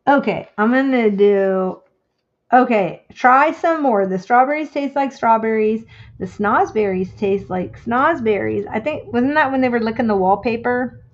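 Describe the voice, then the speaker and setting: A woman chatting casually as she crafts on a stream, thinking out loud and reading quotes slowly. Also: fairly high pitch, muffled recording. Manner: thinks aloud, muttering to herself; reads quotes slowly and deliberately. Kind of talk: casual craft-along chat.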